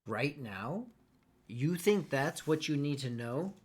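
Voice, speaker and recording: A steady, unshaken woman captive, as a man puts her on in his own voice for a tabletop game, pushing back coolly against the knife at her throat. Her tone swings widely yet never wavers into fear, and each taunt lands as a cold challenge. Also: on the high side, slow, breathy edge, heavily acted.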